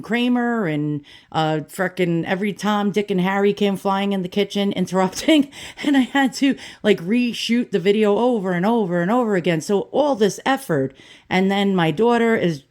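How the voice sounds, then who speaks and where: A woman's voice: mid-range voice, a little mellow. A woman in her fifties rambling through a casual home vlog in her kitchen, sarcastic and cranky, swearing freely. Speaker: YouTube vlogger.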